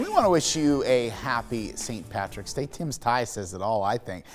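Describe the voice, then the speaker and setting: A male morning news anchor with a lively, bouncing voice that moves through a wide pitch range. His delivery is upbeat and chatty, mixing scripted news reads with banter. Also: normal speed.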